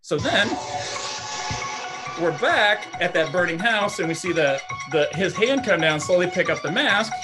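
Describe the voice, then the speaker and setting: A man narrates a film scene in a high, lively voice. He acts it out with shouted lines and sound effects. Music plays behind him. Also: measured pace. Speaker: podcast host pitching a film. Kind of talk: animated story pitch.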